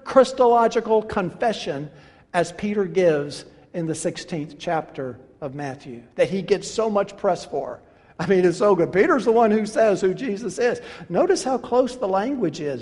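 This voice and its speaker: A man preaching a sermon, emphatic and rhetorical, repeating his questions and swinging between hushed and loud passages. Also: high voice. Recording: long reverb of a large hall.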